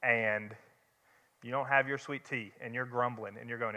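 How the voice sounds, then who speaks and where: A man's voice: medium pitch, steady tone, normal speed, bright, forceful tone. A young man teaching a church Bible study in a conversational way, with rhetorical questions and restarts. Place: church hall. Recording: long hall reverb.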